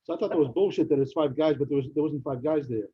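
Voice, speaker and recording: A man co-hosting a podcast, telling casual anecdotes in an animated way with mock-indignant punchlines. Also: on the high side, racing, slightly rough, no room sound. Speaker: podcast co-host. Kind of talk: casual storytelling chat. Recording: dull lo-fi sound.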